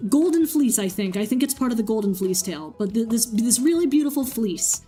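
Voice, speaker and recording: A high-pitched young woman streams a game and retells a myth in loose, chatty fashion, swearing often and filling pauses. Soft game music plays faintly behind her. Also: lively intonation. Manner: chatty, swears freely, many fillers. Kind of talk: casual storytelling while gaming.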